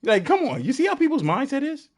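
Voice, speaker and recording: High, lively ranting male streamer. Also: fast. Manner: animated, ranting, profane. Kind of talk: live-stream gaming commentary.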